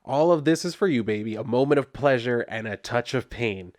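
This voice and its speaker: A man's voice: medium pitch, lively intonation, fairly quick, a little mellow, close to an everyday voice. A man reading out a taunting fly-monster teen. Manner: taunting, mocking.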